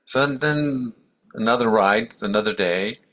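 A man's voice: lowish voice, a little slow, bright, forceful tone, low-quality recording. A man giving a casual, rambling storytelling talk as a meditation teacher, with easy fillers and restarts.

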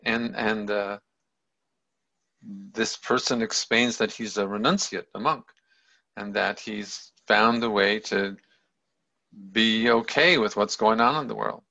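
In a dull, lo-fi recording, a man tells a story in a loose, rambling, casual way, full of fillers and restarts. His voice is fairly low and sharp in tone, and he speaks slowly, pausing often.

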